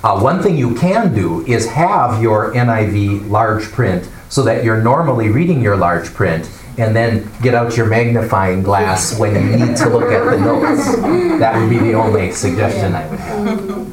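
A man teaching a Bible class, explaining and asking the class questions in an animated way. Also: on the low side, unhurried, a loud crowd. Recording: echoey room, mic far off, faint noise.

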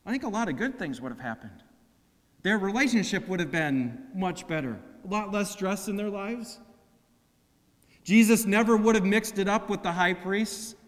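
A man delivers a sermon in a high voice, lifting into loud emphatic bursts, then dropping to slow, hushed phrases. His words ring out with a long reverb tail, as if spoken in a large hall. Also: animated. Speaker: pastor.

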